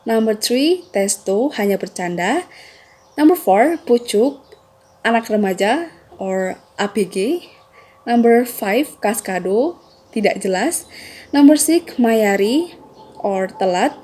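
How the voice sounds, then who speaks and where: Mellow-voiced young woman presenting. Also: a little high, lively intonation, slow pace. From Indonesia. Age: young adult. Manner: reads steadily, enumerating items one by one. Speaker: university student presenter. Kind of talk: read-aloud class presentation.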